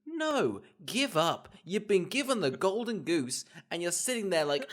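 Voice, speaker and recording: A man's voice: high-pitched, very animated, unhurried, fairly bright tone. A man co-hosting a podcast, chatting casually with ironic jokes and riffs. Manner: joking, ironic, riffing. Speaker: podcast co-host. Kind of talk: casual chat, film review.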